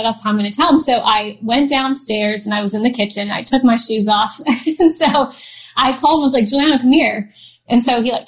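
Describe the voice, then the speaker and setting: A woman in her thirties telling a personal story as an interview guest, chatty and often laughing, with many fillers. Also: fairly high pitch.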